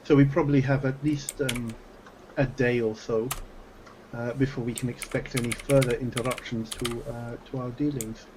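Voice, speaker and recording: A man playing in a tabletop game, talking slowly and carefully with many hesitations. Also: medium pitch, fairly even intonation, noisy background. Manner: hesitant, full of ums and long careful sentences. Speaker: player. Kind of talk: tabletop game role-play chat.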